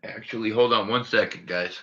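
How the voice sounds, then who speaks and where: A man hosts a casual livestream, talking straight to his viewers in a nervous, joking way. His voice is very bright and sharp-edged. The audio is dull and lo-fi. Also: fairly low pitch, a little fast, gravelly. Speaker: livestream host.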